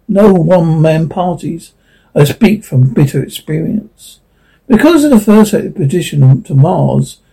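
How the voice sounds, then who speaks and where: A man's voice: a little high, gravelly, warm tone, breathy edge, low-quality recording. A man reading a science fiction story aloud, stumbling and correcting himself as he goes. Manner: unpolished reading with frequent stumbles and self-corrections. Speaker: narrator. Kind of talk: audiobook reading.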